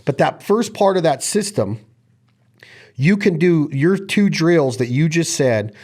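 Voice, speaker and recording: Slightly high-voiced enthusiastic host. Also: male voice. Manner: energetic, detailed, lists body parts and steps. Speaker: podcast host. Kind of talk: casual instructional chat.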